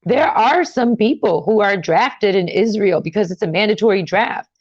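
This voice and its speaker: A young woman telling a personal story in an interview, talking casually with many fillers and getting animated and higher when upset. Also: normal speed, no echo, dull audio. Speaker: interview guest.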